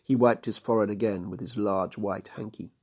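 Husky man reading a story aloud. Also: lowish voice, steady tone, a little fast, a little mellow. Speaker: narrator. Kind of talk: storybook narration.

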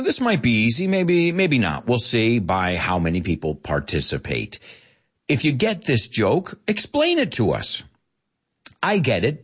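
A man with a medium-pitched, slightly rough voice hosts a live English lesson. Playful and animated, he jokes with viewers and slips Spanish phrases into his explanations.

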